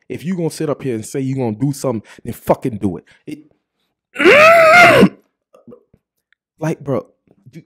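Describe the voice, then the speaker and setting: A young man with a husky, mid-pitched voice vents on his own vlog. He swears in nearly every phrase and keeps hammering his point with repeated "bro" tags and the same phrases over and over. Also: a bit bright. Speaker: vlog host. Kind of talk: profane ranting vlog.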